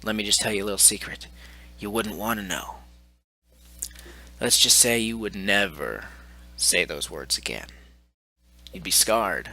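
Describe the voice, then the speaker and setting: A man with a bright, sharp-edged voice narrates and reacts to messages he has received. His delivery is sarcastic and mocking, full of exasperated asides, in the manner of a gaming channel host. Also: on the low side.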